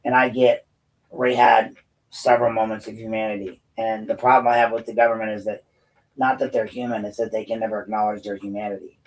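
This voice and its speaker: Low-voiced man ranting combatively. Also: flat delivery, fairly quick, distant mic, poor audio. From United States. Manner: combative, blunt and profane, with frequent restarts. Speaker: host and political commentator. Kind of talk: unscripted rant to viewers.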